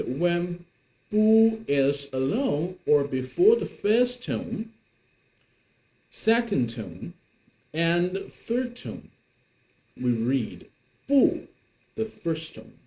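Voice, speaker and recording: A man's voice: a little high, big pitch swings, extremely slow, long pauses, mellow. A man teaching an online lesson in English, patient and repetitive, with many fillers. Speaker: Mandarin teacher.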